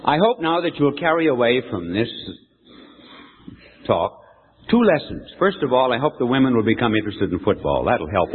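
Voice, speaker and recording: A man's voice: mid-range voice, a little hiss or hum. An older man preaching a sermon, telling a folksy story and quizzing his audience. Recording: echoey hall, tinny phone-like sound.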